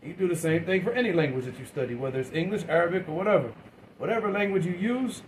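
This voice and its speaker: Speaking fast and animatedly, a man leads a class in a voice a little higher than most men's. He keeps putting questions to students and waiting for responses, talking informally with repeats and restarts, as faint room noise hums through the low-quality recording.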